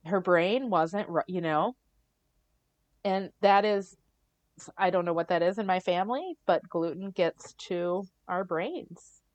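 A middle-aged woman recounts her family's story with plenty of animation, slipping into the voices of the people she quotes. Her voice sits a little low for a woman. The sound is close and dry, with no room around it. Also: takes it slowly, dry recording, muffled recording. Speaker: podcast guest. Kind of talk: casual storytelling interview.

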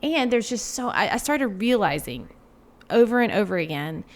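A woman's voice: medium pitch, sing-song, normal speed. Reflective woman in her forties. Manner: reflective, frequent "like" fillers. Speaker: guest author. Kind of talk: casual interview conversation.

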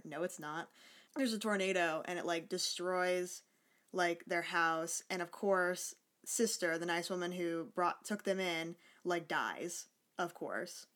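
A woman with a slightly low voice talks through a movie plot in easygoing podcast chat. She is chatty and sarcastic and drops casual swears as she goes. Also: measured pace, fairly bright tone. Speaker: podcast co-host.

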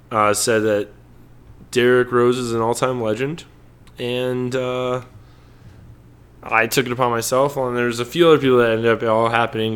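A young man co-hosts a sports podcast in a loose, rambling way, cracking jokes and calling out to his listeners. His voice sits in an ordinary middle pitch, and he sounds relaxed and chatty throughout. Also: clear, resonant tone. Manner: rambling, jokey, talks to the audience as folks. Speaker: podcast co-host. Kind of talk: casual sports podcast chat.

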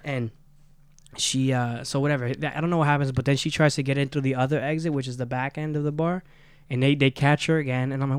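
A man with a smooth, resonant voice, recorded close and dry, co-hosting a casual podcast from an apartment. He tells profane stories and jumps into loud, animated quotes of the people in them. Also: medium pitch, fairly quick, no echo. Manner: profane storytelling, acts out quotes loudly. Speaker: podcast co-host. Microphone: studio mic in apartment.

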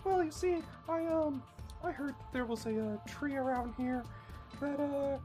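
A man voicing a timid little boy giant whose parents were turned into frogs, speaking haltingly with many fillers. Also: very high-pitched, over music, pitched above the performer's own voice. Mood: earnest.

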